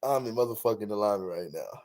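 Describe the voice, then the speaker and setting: Man, astrologer, casual commentary, animated, profane, laughs often. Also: fairly low pitch, fast talker.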